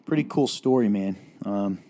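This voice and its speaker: Young Appalachian man, podcast co-host; low, mellow voice, earnest and rambling. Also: moderate pace. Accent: Appalachian Southern. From Eastern Kentucky. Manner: earnest, rambling, with many restarts. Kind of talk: casual faith chat.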